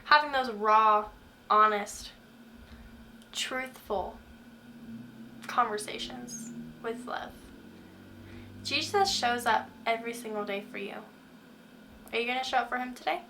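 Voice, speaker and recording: A woman's voice: on the high side, measured pace, long pauses, sharp tone, a little hiss or hum. A woman hosting a faith talk, speaking earnestly and asking the listener many questions. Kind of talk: devotional talk to camera.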